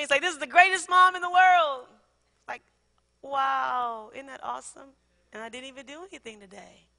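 A woman's voice: high-pitched, pushed and bright. A woman pastor preaching a sermon, laughing often and calling on the congregation to repeat after her. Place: large church sanctuary. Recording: long hall reverb.

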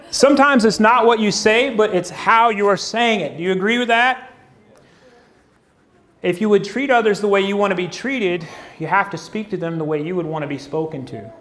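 A high-voiced man preaches a sermon in a folksy, joking way. He keeps turning to the congregation with questions and builds his points around props. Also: moderate pace, a bit bright. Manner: folksy, humorous, asks the crowd questions. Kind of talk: sermon with object lessons. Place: church stage before a congregation.

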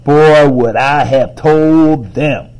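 A man reading aloud, voicing a bossy tough little girl who is loud and indignant, pitched well above his own voice. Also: extremely slow, clean tone, rough recording.

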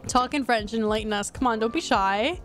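A woman's voice: on the high side, brisk, fairly bright tone, soft background music. A young woman in her twenties, a streamer chatting casually with her chat while playing a game, giggly and teasing. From United States. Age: 20s.

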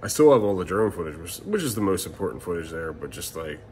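A man's voice: deep voice, big pitch swings, fast, a little mellow, a little hiss or hum. A man in his thirties, a father vlogging at home at night, talking casually and emotionally with swearing and fillers. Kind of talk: casual vlog talk to camera. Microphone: camera mic.

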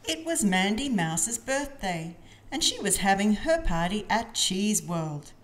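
Slow, expressive woman reading to kids. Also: mid-range voice, slight background noise. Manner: gentle, expressive narration. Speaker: storybook reader. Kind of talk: children's read-aloud.

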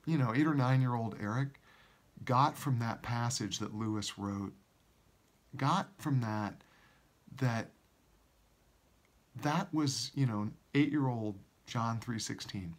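A man giving a church devotional message, earnest and halting, often repeating words as he reads a story aloud. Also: medium pitch. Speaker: church minister.

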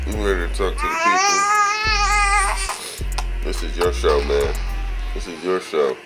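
A young man vlogging casually at home, talking in relaxed slang and chatting to his baby son. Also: sits low, rough recording. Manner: laid-back slangy talk, chats to baby. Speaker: vlogger and new father.

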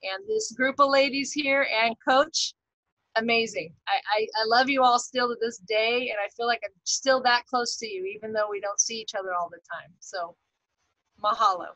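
Bright, sincere woman on a video call. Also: on the high side, moderate pace, no room sound, poor audio. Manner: sincere, emotional. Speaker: former player.

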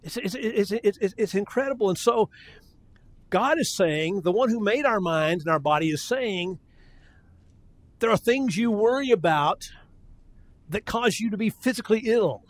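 A man's voice: high voice, expressive, moderate pace, pauses often. An older man preaching a sermon in a folksy, conversational way, often restarting his sentences.

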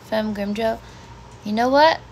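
A woman's voice: a little high, unhurried, darkish tone, a little hiss or hum. A woman in her twenties on a casual home livestream, reading chat comments aloud and reacting bluntly. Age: 20s. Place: bedroom at home.

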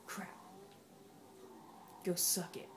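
Drawing out her words, a woman plays a racing game and offers casual, sarcastic commentary, talking back at the game's characters. There's slight background noise.

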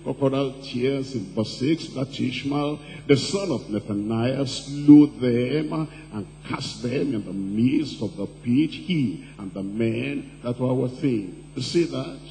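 Pastor preaching in an echoing hall. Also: male voice, medium pitch, mellow. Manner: preaching with call-and-response questions to the congregation; reads scripture slowly and deliberately. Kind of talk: sermon. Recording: distant-sounding hall recording with faint hum.

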